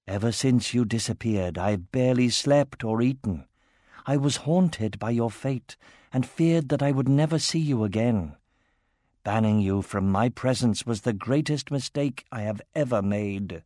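A man voicing a proud elf queen pleading with her daughter, slow and regal. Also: mid-range voice, mellow, no room sound, clean studio sound, natural voice. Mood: remorseful.

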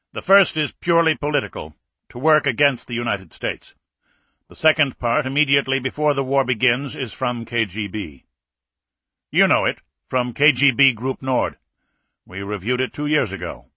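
A man's voice: medium pitch, animated, moderate pace, bright, forceful tone, no room sound. A man reading an audiobook, voicing a stern older Soviet army marshal with a grave, urgent, insistent delivery.

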